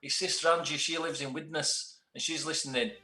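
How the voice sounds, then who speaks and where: A man co-presenting local radio, chipping in with quick asides and shout-outs in casual chat. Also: fairly high pitch, fairly even intonation. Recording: roomy studio sound.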